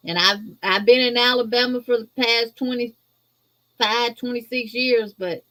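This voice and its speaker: A Southern woman with a Louisiana accent, talking on a live stream with a fairly high, light voice. She chats casually and folksily with viewers, stretching out her cheerful greetings as she reads their comments. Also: fairly even intonation, measured pace, sharp tone. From Louisiana, USA. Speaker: guest host of a crochet livestream. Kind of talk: casual livestream chat reading viewer comments.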